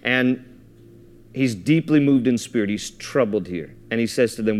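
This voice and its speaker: A man's voice: mid-range voice, animated, normal speed, a little mellow. A man preaching a sermon, reading scripture aloud and explaining it in a casual, thinking-aloud way with frequent restarts. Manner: reads scripture aloud, then explains it conversationally; repeats and restarts words while thinking aloud. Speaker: pastor.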